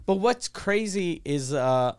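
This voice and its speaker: A man's voice: a little high, lively intonation, slow, smooth. Man telling a rambling, swearing story. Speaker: podcast co-host. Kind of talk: casual chat. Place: podcast studio.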